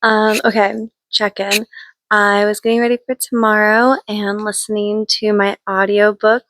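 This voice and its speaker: Gushing young woman vlogger with a gravelly edge. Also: mid-range voice, fairly bright tone, dry recording. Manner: chatty and gushing, frequent likes and ums. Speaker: book vlogger. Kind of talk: casual read-along vlog chat.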